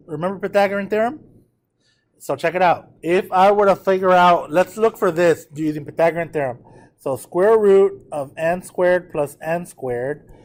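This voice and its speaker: A fairly high-voiced man teaching a math lesson in a classroom. He talks in a chatty, informal way, keeps asking the students if they're okay, and slows right down whenever he reads out numbers. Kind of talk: classroom lecture on trig notes.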